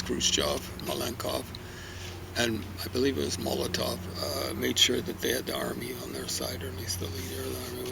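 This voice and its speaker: Gravelly man rambling about a book outdoors. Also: mid-range voice, background noise. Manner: rambling, musing, with many fillers and asides. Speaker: book reviewer. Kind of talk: casual spoken book review. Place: outdoors in a vegetable garden.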